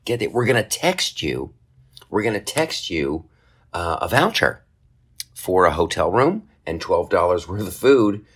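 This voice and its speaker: A man hosting a podcast, telling a comic story in a casual, profane way and jumping into high mocking voices for other people. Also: very animated, measured pace, breathy edge. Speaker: podcast host.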